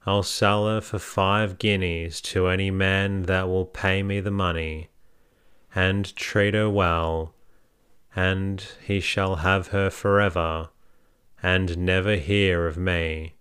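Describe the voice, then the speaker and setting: A blunt, scornful hay-trusser, voiced by a man reading a novel aloud. His speech is deep and very clear. He lays out his bargain in slow, stubborn words. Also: little pitch movement, a bit bright. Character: gruff drunken male hay-trusser selling his wife.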